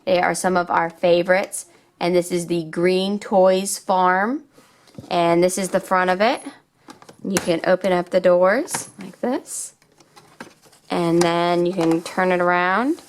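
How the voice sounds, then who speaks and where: A woman's voice: lowish voice, steady tone. A woman hosting a toy video, narrating play in a child-directed way. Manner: slow, sing-song and child-directed.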